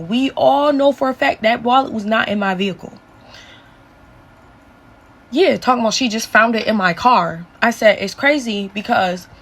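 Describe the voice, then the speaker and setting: Animated young woman telling a story. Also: a little high, slight background noise, rough recording. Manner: animated, profane, acts out quotes. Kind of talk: casual storytelling.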